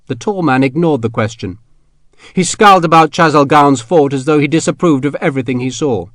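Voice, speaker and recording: A man narrating an audiobook in a steady, measured storytelling voice. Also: on the high side, dry recording, studio quality. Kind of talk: scripted narration.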